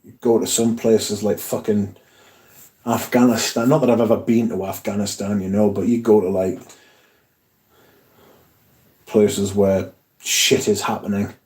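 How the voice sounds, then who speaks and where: A man with a mellow, warm, relaxed voice hosts a casual livestream from home. He rambles, swears freely and reads viewer comments aloud between his own asides. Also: on the low side, a little slow, pauses often. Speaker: fragrance livestream host.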